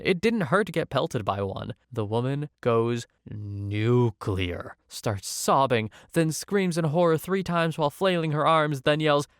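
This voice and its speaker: A man's voice: mid-range voice, fairly bright tone, clean tone, no echo, clean studio sound. A man reading online stories aloud and adding casual, wry commentary between them. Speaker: story narrator and commentator.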